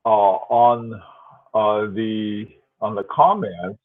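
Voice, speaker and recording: A man's voice: on the low side, extremely slow. A man co-hosting a live stream, talking hesitantly with many fillers and restarts, in a self-deprecating way. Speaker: co-host of a watch live stream. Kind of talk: casual live-stream chat. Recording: tinny phone-like call audio.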